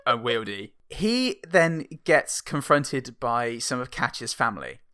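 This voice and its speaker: A man's voice: medium pitch, very animated, slow pace, bright, forceful tone, clear, resonant tone, dry recording. A man co-hosting a podcast, narrating a film's plot with dry jokes. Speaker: podcast co-host. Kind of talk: comedic film recap chat.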